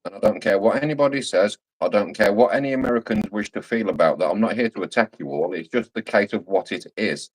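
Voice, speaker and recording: A man's voice: on the low side, quick pace, few pauses, slightly rough, rough recording. A Scottish man in casual chat, talking emphatically and repeating his points in a lecturing way. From Scotland. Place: home.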